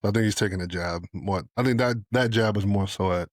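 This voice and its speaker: A man's voice: lowish voice, fast talker. A man co-hosting a casual podcast, joking loosely, laughing often and quoting what others said. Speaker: podcast co-host. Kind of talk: casual chat.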